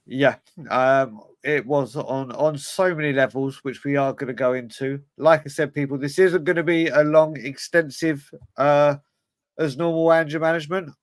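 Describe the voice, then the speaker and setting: A chatty man hosts a casual fan podcast, his voice sitting a little high for a man. The sound is close and dry, with no room around it. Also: steady tone, normal speed, no echo. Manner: chatty, greets viewers one by one. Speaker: podcast host.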